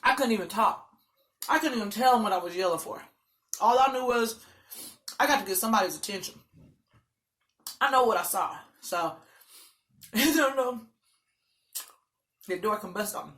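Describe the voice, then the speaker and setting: A woman vlogger telling a story in a loud, animated, dramatic way. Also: medium pitch, normal speed, long pauses. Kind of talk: casual storytelling.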